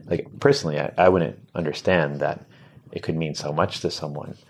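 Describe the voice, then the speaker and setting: A male interviewer answers his guest in a gentle, thoughtful way, sometimes restarting his sentences. His voice is extremely deep and full of vocal fry. A faint hiss sits in the background. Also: steady tone, normal speed. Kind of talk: empathetic conversational interview.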